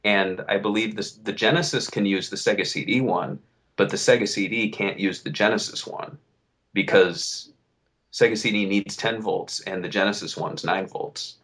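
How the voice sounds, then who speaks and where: A young man co-hosting a casual podcast, venting and riffing in an animated way, swearing freely. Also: lowish voice, normal speed. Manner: animated, swearing, riffs and vents. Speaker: podcast co-host.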